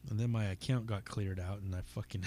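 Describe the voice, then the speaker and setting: A man's voice: fairly low pitch, fairly even intonation, a little fast, warm tone, slight background noise. A man hosting his own podcast, telling a stand-up story in casual, rambling talk full of swearing and fillers. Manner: rambling, profane, lots of fillers. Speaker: podcast host and stand-up comic.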